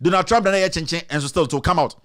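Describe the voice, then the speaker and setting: A commentator with a Ghanaian accent delivers a heated political rant, repeating his accusations with emphasis and mixing in another language. His voice is a little high and fairly bright, and he talks fast.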